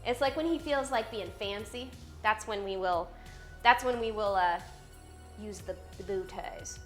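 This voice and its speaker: Soft music plays in the background as a young fitness trainer hangs out on a live stream from home, reading viewer chat aloud and responding. She sounds bubbly and playful, her medium-pitched, somewhat bright voice unhurried.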